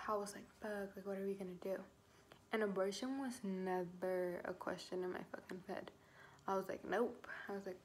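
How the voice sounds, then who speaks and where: Young woman telling her own story in a storytime vlog, speaking at a middle pitch. Her talk is loose and casual, full of "like" and swearing. She acts out what she said at the time, and there is a faint hiss behind her. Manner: casual, swears often, fills with "like". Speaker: vlogger.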